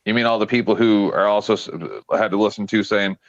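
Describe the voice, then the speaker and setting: A man's voice: fairly low pitch, little pitch movement, fast talker, no echo. Wry man hosting, muffled dry sound. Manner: wry, sarcastic questioning. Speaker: host. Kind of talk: casual political chat. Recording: muffled dry stream audio.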